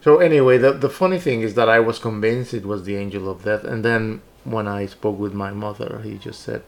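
A woman's voice: extremely low pitch, a little fast, vocal fry, darkish tone. A woman talking in a casual conversation, rambling and hesitant with frequent restarts.

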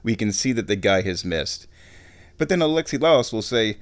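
A man at home, ranting and giving casual opinionated commentary on a football match, often clearing his throat. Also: lowish voice, sing-song, moderate pace. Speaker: fan watching a football match.

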